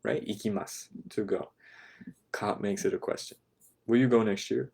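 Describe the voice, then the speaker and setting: A man teaching a class, patiently walking through each phrase and checking in with his listeners. His voice sits low, and it often drops soft and quiet as he repeats a phrase. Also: steady tone, moderate pace, vocal fry, husky. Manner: patient, breaks phrases down step by step, often asks "right?". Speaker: language teacher. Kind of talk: explaining a lesson to a class.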